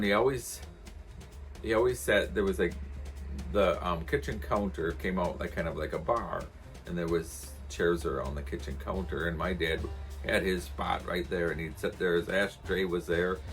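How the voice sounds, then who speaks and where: A man's voice: low-pitched, normal speed, soft background music. A man chatting casually on his vlog, telling a rambling story with chuckles. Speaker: vlogger.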